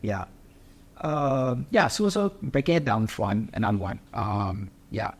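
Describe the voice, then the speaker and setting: A man's voice: lowish voice, very animated, measured pace, slightly rough. A young man from Singapore, a triathlete guest, chatting casually and hesitantly with many fillers and restarts. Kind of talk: casual interview chat.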